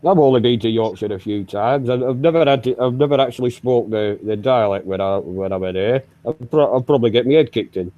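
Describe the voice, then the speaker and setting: A man's voice: medium pitch, fairly quick, few pauses, phone-quality sound. A man chatting casually, hesitant and often repeating words. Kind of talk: casual chat.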